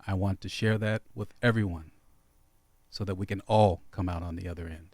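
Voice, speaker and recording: A man who is a radio show guest, giving an earnest, heartfelt personal statement in a halting way. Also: deep voice, fairly even intonation, darkish tone, dry recording. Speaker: school board candidate guest. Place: radio studio.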